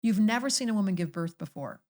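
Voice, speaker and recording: An older woman astrologer, a podcast guest telling animated, theatrical stories in casual conversation. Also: medium pitch, quick pace. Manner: theatrical storytelling, acting out quoted voices.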